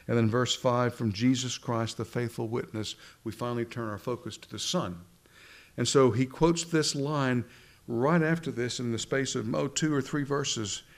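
Pastor preaching with slow emphasis. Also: male voice, medium pitch. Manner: expository preaching with rising emphasis and slow stressed phrases. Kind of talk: sermon.

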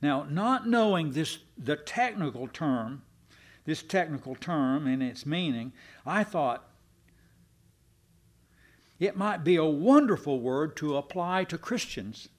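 A man's voice: fairly high pitch, lively intonation, slow pace. A man preaching a sermon, folksy and self-deprecating with his congregation. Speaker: pastor.

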